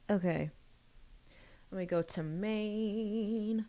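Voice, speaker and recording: A young woman chats casually with her livestream viewers about the book she wrote. She rambles and giggles, and her voice jumps up high when something excites her. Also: extremely slow. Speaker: author streaming a book reading.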